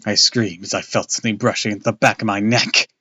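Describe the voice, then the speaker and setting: A man's voice: fairly low pitch, fairly even intonation, brisk, sharp tone, breathy edge, highs cut off. A man casually reading a book aloud on a live stream, loose and off-hand, with crude asides.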